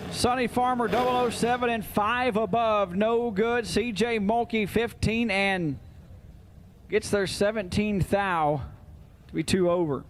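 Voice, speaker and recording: A man announcing drag races live at an outdoor track, rattling off names, times and jokes over the loudspeaker. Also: high-pitched, steady tone, slight background noise. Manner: rapid-fire jokey announcing. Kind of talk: live race commentary over PA. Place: outdoor racetrack.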